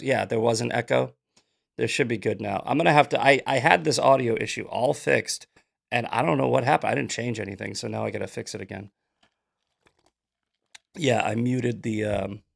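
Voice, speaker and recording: A man's voice: mid-range voice, normal speed, creaky. A man hosting a casual live-stream news commentary show, rambling and joking between points. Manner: loose, rambling, jokey asides while fixing tech.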